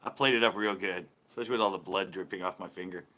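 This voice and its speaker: A man's voice: low-pitched, fairly even intonation, fast, sharp tone. A middle-aged man hosting a live stream, chatting casually, laughing often and swearing lightly.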